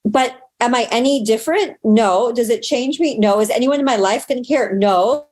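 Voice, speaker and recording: A woman's voice: fairly high pitch, normal speed, a little mellow. A woman guest in an interview, telling a personal story in an earnest, talkative way. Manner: earnest, talkative, acts out past moments in quotes.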